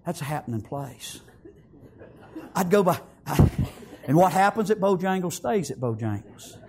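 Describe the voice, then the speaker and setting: A man preaching an emotional funeral sermon in a church, repeating himself and halting, then swelling into tearful, emphatic exclamations. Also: fairly high pitch, animated, a little mellow, husky. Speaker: pastor at a memorial service. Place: church sanctuary.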